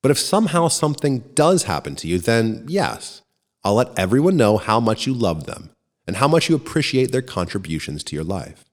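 A man voicing a calm, white-haired neighbor. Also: medium pitch, natural voice. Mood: reassuring. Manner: slow, measured, soothing. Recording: long reverb.

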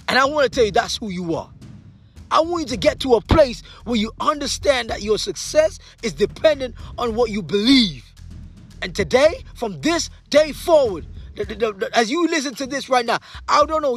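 A man giving a motivational speech, preaching emphatically, with rallying phrases that swing from shouts to hushed low tones. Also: slight background noise. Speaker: motivational speaker.

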